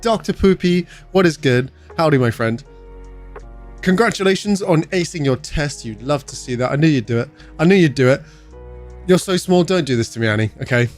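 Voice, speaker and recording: A young British man with a slightly high voice, upbeat and chatty as he hosts a livestream from his bedroom. He greets viewers one by one in a relaxed, joking tone, with soft music playing faintly behind him. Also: brisk. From United Kingdom. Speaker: streamer. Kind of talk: casual livestream chat. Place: bedroom streaming setup.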